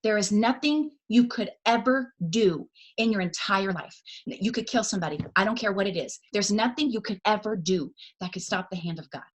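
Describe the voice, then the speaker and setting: A woman's voice: medium pitch, normal speed, few pauses. A woman giving a fervent, preachy motivational pep talk and repeating her key phrases. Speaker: motivational speaker.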